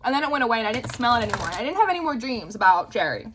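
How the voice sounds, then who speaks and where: A woman's voice: on the high side, sing-song, racing, background noise. A young woman, a tarot reader, telling a story to camera in a casual, chatty way full of fillers, with the odd swear.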